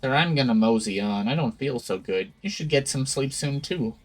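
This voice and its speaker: A man's voice: mid-range voice, animated, normal speed, faint music behind, close to an everyday voice. A man reading a dazed teenage girl's game lines aloud, using a lifeless, muttering voice. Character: eerie listless teenage girl, dazed.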